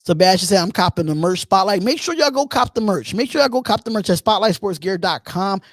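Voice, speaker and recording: A high-pitched, animated Philadelphia man speaks a little fast while hosting a live call-in sports stream, loosely chatting and repeating himself as he handles viewer comments. The recording is dry.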